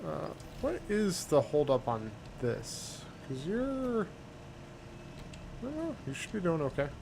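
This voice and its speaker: Gaming host, male, unhurried and chatty, thinks aloud as he plays, faint hum behind. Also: fairly high pitch, huge pitch swings, gravelly. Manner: easygoing, muttering to himself with fillers. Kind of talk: casual gameplay commentary.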